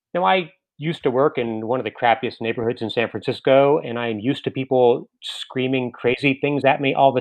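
Deadpan man telling a story. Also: mid-range voice, rough recording. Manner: dry, deadpan comic delivery with many restarts. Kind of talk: live storytelling to an audience.

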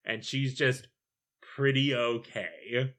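Dry, bright-toned man. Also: mid-range voice, takes it slowly. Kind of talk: casual film discussion.

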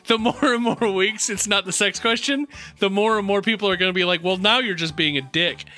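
Man, podcast co-host, casual chat, playful mock-formal manner, very bright tone, high pitch. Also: brisk.

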